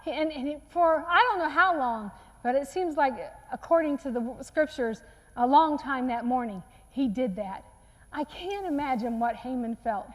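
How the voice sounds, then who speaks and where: Woman preacher, high voice, earnest storyteller, church sermon with long reverb. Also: lively intonation, normal speed. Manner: earnest storytelling, acts out quotes softly. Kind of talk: sermon retelling a Bible story. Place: church sanctuary.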